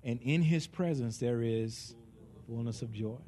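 A man preaching a conversational sermon. He is animated and joking, and swings between soft and loud delivery. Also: mid-range voice, measured pace.

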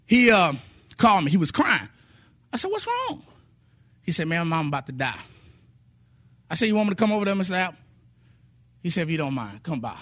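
Slightly high and brisk, with frequent pauses, this man's voice carries a sermon full of testimonies. He dramatizes the quotes and sings some phrases as he tells his animated stories.

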